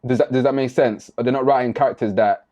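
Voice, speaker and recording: A man's voice: medium pitch, steady tone, fast talker, mellow, highs cut off. A man hosting a casual gaming show, asking questions playfully and joking around. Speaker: host. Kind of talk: casual chat.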